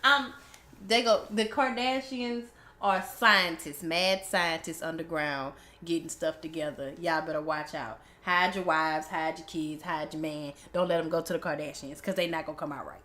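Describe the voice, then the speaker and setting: A woman's voice: low voice, steady tone, normal speed, pushed and bright. A young woman co-hosting a casual chat podcast, ranting emphatically and laughing freely. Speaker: podcast co-host. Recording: roomy echo.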